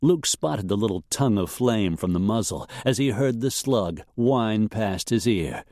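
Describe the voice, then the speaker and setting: A man reads a western novel aloud at a very slow, steady pace. His voice sits fairly low, and the dramatic narration is recorded dry and close. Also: no echo. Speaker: audiobook narrator.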